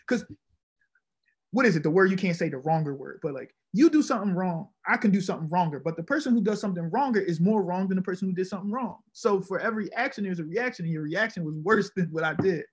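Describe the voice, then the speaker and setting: A man with a high, husky voice speaks as a podcast guest, telling stories in an animated way. His voice has a breathy rasp to it, and he jumps into character when he quotes people in his stories. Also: fast talker. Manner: animated, acts out quoted dialogue. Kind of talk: casual conversational storytelling.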